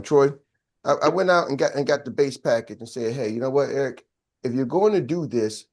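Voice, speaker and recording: Lively, animated older male coach. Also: medium pitch, a little fast. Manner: energetic, repetitive and call-and-response. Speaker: business coach. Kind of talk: live motivational masterclass.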